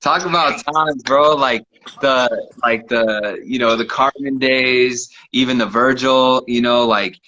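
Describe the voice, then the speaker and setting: A man hosting a casual chat from his living room, relaxed and laughing often, with lots of fillers. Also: mid-range voice, slow pace, dull audio, a little hiss or hum. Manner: laid-back, laughs often, many fillers. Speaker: host.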